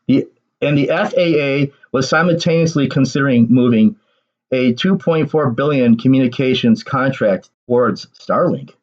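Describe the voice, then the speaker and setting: A man's voice: mid-range voice, a little mellow, lo-fi sound. A man giving a ranting solo political commentary, sarcastic and agitated, swearing and laughing bitterly.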